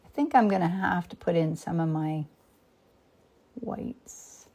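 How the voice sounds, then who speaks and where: Her voice is fairly low and dark, and she takes things slowly. She's in her fifties, running a live painting demo where she muses aloud, welcomes viewers by name, and occasionally drops almost to a whisper during casual stream chat.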